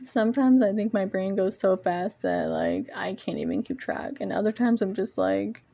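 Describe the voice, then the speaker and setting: Propping her phone up at home amid her art supplies, a vlogger rants casually to her viewers, meandering, cursing frequently and mocking herself with laughs. Her voice is mid-range and dark, very animated, at normal speed.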